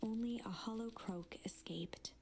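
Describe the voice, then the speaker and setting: A woman giving measured, scripted storybook narration for a game. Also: on the high side, darkish tone, a little hiss or hum.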